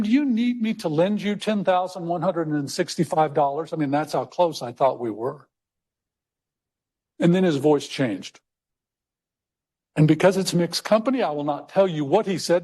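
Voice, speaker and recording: High-voiced man telling a story. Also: darkish tone, husky. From Texas. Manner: conversational storyteller, slows for emphasis. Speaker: speaker. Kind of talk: storytelling talk.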